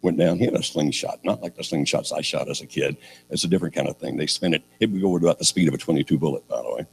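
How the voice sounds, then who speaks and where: A man's voice: extremely low pitch, quick pace, creaky, slight background noise. An older man preaching a sermon, telling a story with sarcastic humor and acting out the characters.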